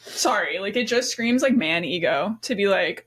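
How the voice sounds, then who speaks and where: A woman co-hosting a podcast in casual chat, animated and chatty and quick to laugh. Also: medium pitch, slightly rough. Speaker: podcast co-host.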